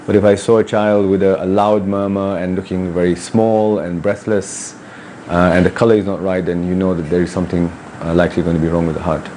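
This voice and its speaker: A man with a low, mellow voice speaks as a pediatric cardiologist in a hospital. He explains things in a measured way and stops often for ums and uhs. Faint noise sits under the recording. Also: level tone. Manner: measured, hesitant with many fillers. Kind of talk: explaining to camera. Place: hospital in Kenya.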